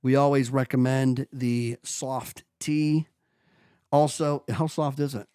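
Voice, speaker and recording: Slow, easygoing male podcast host. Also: mid-range voice, little pitch movement, mellow, clear, resonant tone, dry recording, studio quality. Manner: bantering, reads promos steadily. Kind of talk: casual podcast banter.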